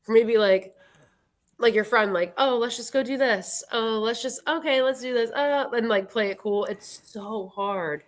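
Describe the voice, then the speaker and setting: A guest musician in her twenties talks about a birthday in a chatty, relaxed way, leaning heavily on "like" as filler. Her voice is on the high side and her speed is normal.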